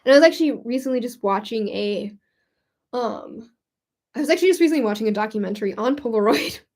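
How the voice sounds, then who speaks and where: A young woman with a slightly high voice talks casually as she works on a quilt. She giggles often, rambles between thoughts and pokes fun at herself. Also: expressive, fast, darkish tone. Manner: giggly, rambling, self-mocking. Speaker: crafting YouTuber. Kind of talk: casual chat while quilting.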